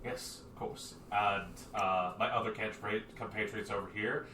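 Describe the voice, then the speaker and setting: A man's voice: fairly low pitch, steady tone, moderate pace, bright, forceful tone, reverberant, recorded from a distance, a little hiss or hum. Man playing Sir Barrington, a stammering flustered knight. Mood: formal. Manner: stammering, overly formal, full of "uh"s. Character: flustered, awkward human knight in armor.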